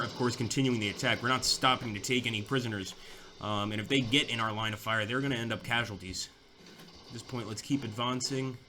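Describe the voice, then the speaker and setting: Young guy rambling thru a war game he's playing, bright voice, bit of game noise under it. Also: mid-range voice. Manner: chatty, thinking aloud with fillers and restarts. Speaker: gameplay commentator. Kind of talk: casual gameplay commentary.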